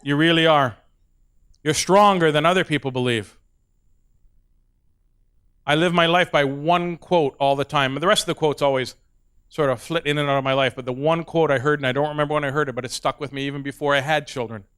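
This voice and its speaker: Middle-aged guy doing stand-up, smooth voice, a bit high, acts out his stories then goes soft and earnest. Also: fairly quick. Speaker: stand-up comedian. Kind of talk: stand-up comedy storytelling.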